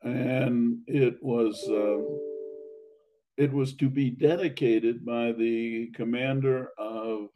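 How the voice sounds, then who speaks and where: An older man reminiscing about his academy days, halting with many fillers and restarts, his voice going hoarse and his throat needing clearing. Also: mid-range voice, fairly even intonation, lo-fi sound, a little hiss or hum. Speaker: interviewee, academy alumnus. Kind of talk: reminiscing conversation.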